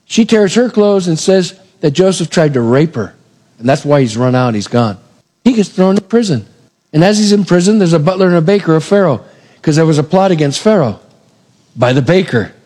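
A man preaching a sermon, retelling scripture with animated storytelling and acting out the characters' lines. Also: on the high side. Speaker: pastor. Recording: long hall reverb.

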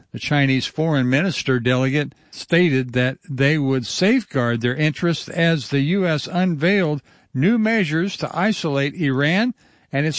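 A man reading a radio farm market report, rattling off grain and livestock prices in a brisk, even delivery. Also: fairly high pitch, no room sound, clean studio sound. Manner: brisk, number-heavy delivery.

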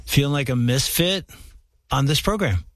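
A man hosting a radio talk show, emphatic and warm, slowing down to stress his words. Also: mid-range voice, expressive, no room sound, studio quality. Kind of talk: talk show host chat and sign-off.

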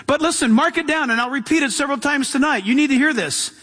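A man's voice: very high voice, fast talker, sharp tone. A man preaching a sermon as pastor, reading scripture aloud and calling out to the congregation. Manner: reads scripture then preaches with call-outs to the congregation. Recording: long hall reverb.

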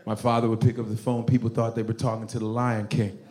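A male stand-up comedian telling a profane, animated routine. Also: on the low side, fast talker, background noise. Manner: animated, profane, jumping into voices. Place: comedy club stage. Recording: roomy club with loud audience.

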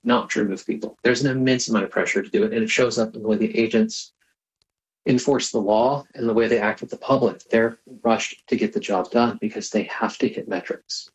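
A man, a former attorney, answering news interview questions in a brisk, assured way. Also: lowish voice, rough recording.

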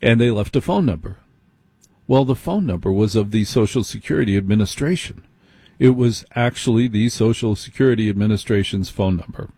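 A man's voice: on the low side, brisk, mellow, husky, no echo. A middle-aged man hosting a late-night radio talk show, speaking conversationally and putting direct questions to his listeners.

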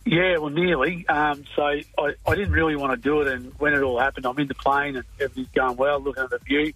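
Fast-talking Australian caller, husky. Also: male voice, fairly high pitch, fairly even intonation, a bit bright, no room sound, faint music behind, rough recording. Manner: self-mocking, fast storytelling. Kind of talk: telling a story on air.

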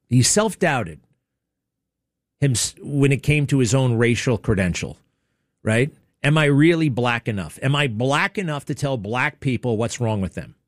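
A man's voice: medium pitch, no room sound. A man delivers opinionated political commentary as a talk radio host, leaning hard on his words with a sarcastic, needling edge. His voice sits close and dry on the microphone, with no room sound around it. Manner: emphatic and sarcastic, mocking impressions.

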